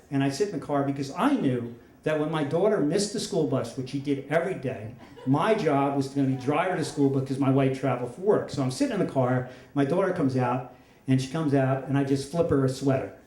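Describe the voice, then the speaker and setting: A man's voice: medium pitch, a little mellow. A man in his fifties telling a funny, self-deprecating story on stage at a story slam. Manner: wry, self-deprecating humor. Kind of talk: live comedic storytelling. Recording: roomy echo.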